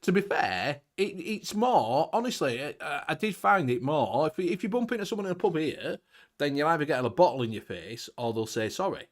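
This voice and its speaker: A man's voice: on the high side, very animated, normal speed. A man with a Northern English accent hosting a casual live-stream chat, talking bluntly with some swearing and local slang. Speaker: host of a vaping live show.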